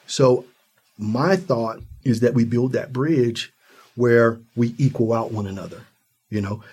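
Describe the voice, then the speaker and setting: Man from ohio, husky voice, earnest, animated interview talk. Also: a little slow. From Ohio, US Midwest. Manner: earnest, animated storytelling, acts out high-pitched quoted voices. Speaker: interview guest. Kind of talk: conversational interview.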